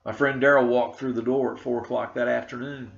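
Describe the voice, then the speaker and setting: Man, middle-aged pastor, gravelly, earnest testimony storyteller, muffled lo-fi recording. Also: medium pitch, flat delivery, brisk. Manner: earnest storytelling, quoting himself and friends. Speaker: pastor telling his testimony. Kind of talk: spoken testimony. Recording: dull lo-fi recording.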